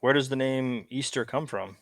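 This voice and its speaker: A man's voice: mid-range voice, moderate pace, fairly bright tone, dry recording, studio quality. A man co-hosting a podcast, talking casually with a questioning tone and lots of fillers. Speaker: podcast co-host. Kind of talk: casual conversational chat.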